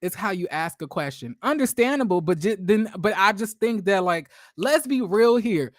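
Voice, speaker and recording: Young male streamer, high voice, dry close mic, rambling gossipy reality-TV commentary full of fillers. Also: animated, moderate pace, few pauses, no echo. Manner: chatty, profane, laughing often, many fillers and restarts. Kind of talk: casual reaction commentary.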